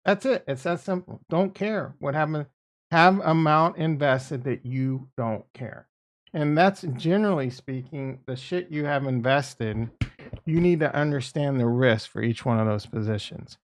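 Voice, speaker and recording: A man's voice: a little high, unhurried. A man giving casual market commentary as a video host, blunt and profane, repeating his points and getting exasperated. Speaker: crypto and stock market YouTuber.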